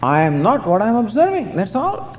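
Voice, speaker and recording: High, lively-voiced male spiritual teacher. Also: fairly quick, slight background noise. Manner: storytelling, chuckling, says "you know". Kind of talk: scriptural discourse. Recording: dull lo-fi recording in a hall.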